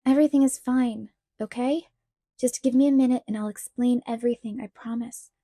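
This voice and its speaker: A woman reading an audiobook, voicing a frightened teenage girl who pleads in a hushed, strained way. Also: fairly high pitch, fairly even intonation, a little fast, dry recording, clean studio sound, lightly acted. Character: frightened teenage girl, trying to sound calm.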